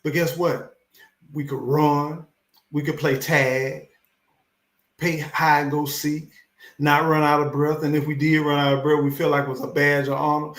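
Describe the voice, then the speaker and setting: Man, preachy repetitive talk, somewhat high pitch, echoey room. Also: level tone, unhurried, fairly bright tone. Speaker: live stream host. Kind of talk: casual motivational talk.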